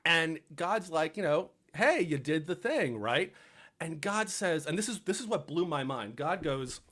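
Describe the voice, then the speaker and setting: A young man casually retelling a Bible story with jokes, dropping into quick voices for the people in it. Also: a little high. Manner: animated, jokey, acts out characters in quick asides. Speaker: podcast co-host.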